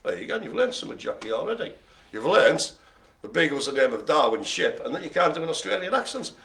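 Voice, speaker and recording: A man's voice: fairly high pitch, very animated, fast talker, vocal fry, a bit bright. A man hosting a live online bingo game, jokey and teasing as he rambles through dog trivia. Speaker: bingo host.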